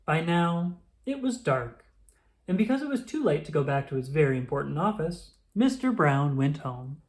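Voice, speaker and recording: A woman reading a children's picture book aloud, expressive and slow. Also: sits low. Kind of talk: storybook read-aloud.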